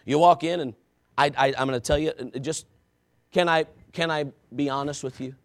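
A man preaching a sermon, telling a story with asides to the congregation and swinging from shouting to quiet confession. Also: on the high side, steady tone, moderate pace.

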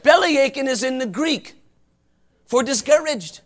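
A man preaching a fervent sermon with folksy asides, often rising to shouts. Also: extremely high pitch, lively intonation, a little slow. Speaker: pastor.

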